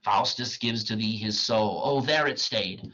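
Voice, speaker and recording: A man's voice: fairly low pitch, a little slow, sharp tone, highs cut off. A man reading aloud the part of a proud scholar who sells his soul, emphatic and rising on questions, his voice strained and cracking. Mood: declaiming. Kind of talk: dramatic reading of a play.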